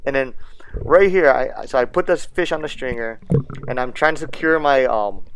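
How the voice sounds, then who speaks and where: A man, casually narrating his fishing and diving video in an excitable, laid-back way, laughing often and using island slang. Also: medium pitch, moderate pace, slight background noise. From Hawaii. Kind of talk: casual narration over footage.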